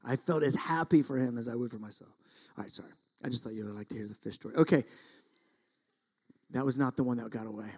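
A middle-aged male pastor preaching, telling a story with lively acted-out quotes. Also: mid-range voice, fast, slightly rough. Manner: animated storytelling, acts out quotes loudly. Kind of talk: sermon.

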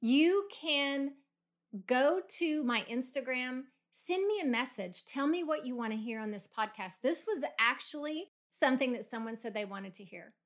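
Middle-aged woman, podcast host, slightly high voice, emphatic coaching pep talk. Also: animated, moderate pace. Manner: coaching, emphatic, builds to loud affirmations. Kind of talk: guided visualization pep talk.

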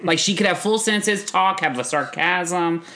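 A chatty podcast co-host talking through a movie in a loose, casual chat at a middling pitch. The speech is filled with "like" and jumps into little acted-out quotes. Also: a little fast, sharp tone. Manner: chatty, lots of "like", acts out quotes.

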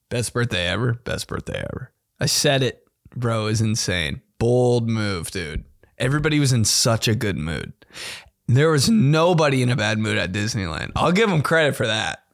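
Lively young man telling stories. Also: mid-range voice, no room sound, studio quality. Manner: animated, profane, laughing, slangy. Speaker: podcast host. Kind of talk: casual storytelling monologue.

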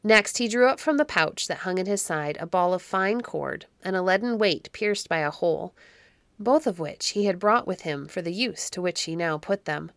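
A woman narrating a classic children's story in a measured, expressive reading. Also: on the low side, no echo. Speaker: audiobook narrator.

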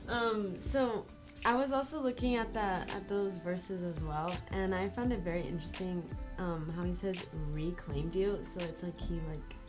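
A young woman reflects aloud during a casual youth group discussion, thoughtful and a little hesitant, leaning on fillers as she searches for words. Her voice sits somewhat low, with music clearly audible in the background. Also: fairly even intonation, moderate pace.

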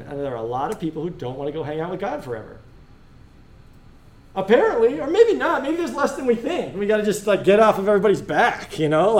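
Male teacher, classroom discussion, lively swooping pitch, slightly high, joking, laughs often. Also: a little hiss or hum. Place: school classroom.

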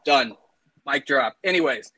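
Bright-voiced opinionated man. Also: medium pitch, expressive, a little slow, rough recording. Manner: opinionated, laughs while arguing. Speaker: co-host. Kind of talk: casual sports chat.

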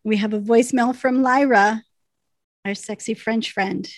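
A woman co-hosting a podcast in loose, casual chat, her voice sitting a little high. She gets emotional and laughs easily as she reacts to listeners. The sound is dry and close. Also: steady tone, unhurried, dry recording. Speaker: podcast co-host.

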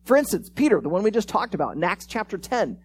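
Animated conversational preacher. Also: medium pitch, fast, a little hiss or hum. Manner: animated storyteller, acts out quoted lines; conversational, frequent restarts and "like". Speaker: pastor. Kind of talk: sermon with storytelling.

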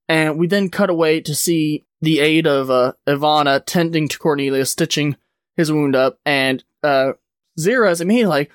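Guy recapping a comic on his podcast, kinda high voice, dry close sound, lots of "like" and "uh". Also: moderate pace, clean tone, dry recording. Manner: rambling retelling, many "like" and "uh" fillers. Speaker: podcast host. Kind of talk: casual comic book recap.

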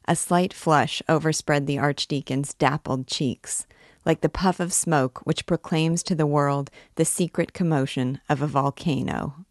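A woman reads a classic novel aloud in a low voice, steady and expressive. The sound is dry and close, with no room around it. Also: unhurried, dry recording. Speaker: reader.

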